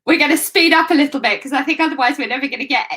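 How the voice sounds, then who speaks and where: A woman with a slightly high voice co-hosts a live online event over a video call. She talks briskly, keeps the session on track and reads tributes aloud. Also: pushed and bright. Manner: brisk, keeps things moving. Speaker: co-host. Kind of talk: live-stream chat, reading tributes.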